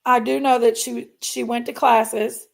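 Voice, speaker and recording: Slow, gravelly woman host. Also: on the high side, flat delivery. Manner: chatty, addresses viewers directly, trails off and repeats herself. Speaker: true crime channel host. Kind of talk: casual livestream commentary.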